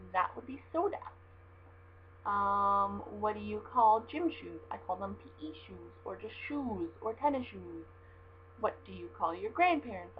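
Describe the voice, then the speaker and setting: A young woman from Southern California with a Southern Californian accent, reading a word list in a casual home vlog, chatty and self-deprecating with frequent ums. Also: medium pitch. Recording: dull lo-fi webcam audio with faint mains hum.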